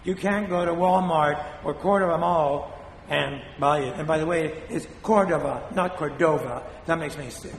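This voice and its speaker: An older man from Spain, a priest preaching a sermon in a blunt, scolding way with dramatic pauses, his voice still weak after a fall. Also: fairly high pitch, fairly even intonation, a little hiss or hum. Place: church. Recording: echoey hall from a distance.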